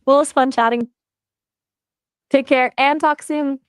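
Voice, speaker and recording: A synthetic-sounding woman's voice as an AI conversation partner, upbeat and playful, with lively jumps in pitch. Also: measured pace, no room sound, clean studio sound. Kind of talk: chatty voice assistant conversation.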